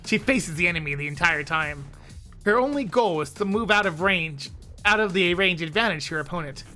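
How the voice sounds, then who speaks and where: Lively bright woman reading a story aloud. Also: fairly low pitch, fairly quick, faint music behind. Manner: animated, breaks off with laughs and asides. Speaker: streamer and narrator. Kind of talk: reading a visual novel aloud on stream.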